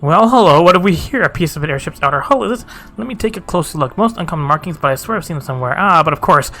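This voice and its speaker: A genial, confident engineer from a fantasy game, chatty and proud of his work, read by a man. The voice is bright and on the high side. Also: lively intonation, rapid-fire, faint music behind, full character voice.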